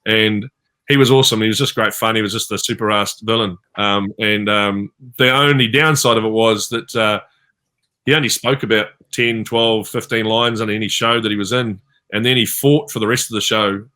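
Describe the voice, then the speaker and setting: A man's voice: on the low side, fairly even intonation, moderate pace, sharp tone. A man with a New Zealand accent, chatting as a guest on an online fan panel and telling stories that act out what people said to him. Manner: chatty storyteller, acts out quoted lines. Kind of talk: casual panel chat over video call.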